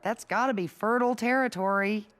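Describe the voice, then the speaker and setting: A woman voicing a chatty, eager middle-aged woman friend in an animated sitcom. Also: medium pitch, a little fast, natural voice.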